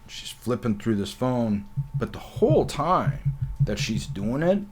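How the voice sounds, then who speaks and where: A man from North Dakota hosting a talk show, telling comic stories in an animated, profane way and acting out quotes. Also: mid-range voice, a little slow, breathy edge. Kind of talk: comedic storytelling.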